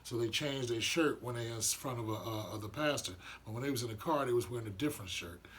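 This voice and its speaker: A man's voice: mid-range voice, fast, fairly bright tone, slight background noise. A man giving an earnest, rambling monologue about spiritual matters, often restarting his sentences. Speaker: vlogger sharing spiritual views. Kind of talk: casual reflective monologue.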